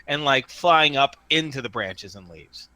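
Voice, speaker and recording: A man running a tabletop role-playing game as game master, talking in an animated, chatty way. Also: mid-range voice, measured pace, no room sound.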